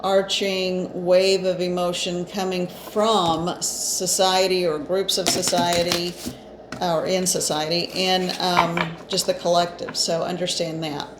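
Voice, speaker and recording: Speaking a little slowly with flat delivery, a woman whose voice sits on the low side offers a casual spiritual card reading. As a psychic reader, she is chatty and comforting, though she fills and restarts her sentences and seems a bit short of breath. The recording has echo and faint ambient noise.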